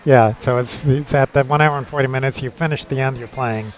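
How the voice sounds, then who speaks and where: A man doing casual live curling commentary, easygoing and quick to laugh, explaining the rules. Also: mid-range voice, fairly even intonation, low-quality recording.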